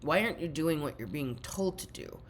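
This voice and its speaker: A woman imitating a harsh, dismissive mother who loudly berates her child. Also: sits low, animated, fairly quick, slight background noise. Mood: berating. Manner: loud, berating.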